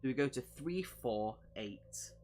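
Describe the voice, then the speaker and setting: A man's voice: mid-range voice, expressive, slow pace, darkish tone, soft background music. A man streaming a live playthrough, reading a horror gamebook aloud and chatting jokily with his viewers between passages. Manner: chatty, jokey, talks to chat between passages. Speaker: streamer host.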